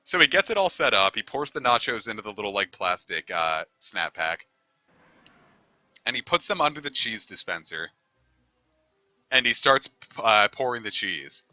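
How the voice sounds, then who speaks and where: A man's voice: lowish voice, very animated, moderate pace, pushed and bright, no echo, muffled recording. A man streaming a game, telling a long story in a rambling, easygoing way and swearing casually. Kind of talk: casual storytelling over gameplay.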